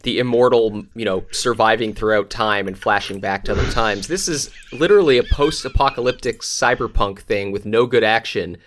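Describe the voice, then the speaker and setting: A man's voice: on the low side, normal speed, few pauses, a bit bright. A man co-hosting a podcast, ranting bluntly and with profanity, breaking into laughs in casual chat. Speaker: podcast co-host.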